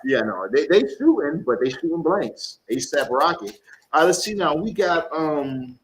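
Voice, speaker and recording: Male tarot reader on a live stream, slightly high and very expressive voice, blunt and swears a lot. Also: unhurried, slightly rough, poor audio. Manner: blunt, animated, swears freely.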